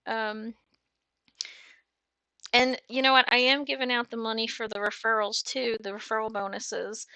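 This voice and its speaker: A woman's voice: fairly high pitch, a little slow, bright, forceful tone, no echo. A woman trucker chatting casually on a livestream, reading viewer comments aloud, bubbly and full of fillers and laughs. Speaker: trucker hosting a live chat.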